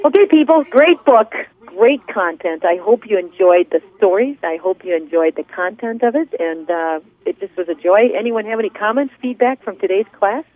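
On a conference call, a woman leads a motivational class as its coach, telling stories in an earnest, preachy way. Her mid-range voice is expressive and moves at a moderate pace, coming through a phone on a tinny line.

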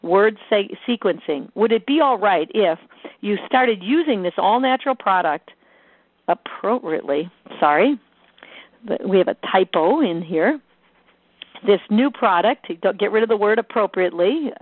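A woman coaching a sales team, energetic and emphatic, repeating her key points. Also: medium pitch, moderate pace, dry recording. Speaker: sales trainer. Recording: tinny phone-like line, dry.

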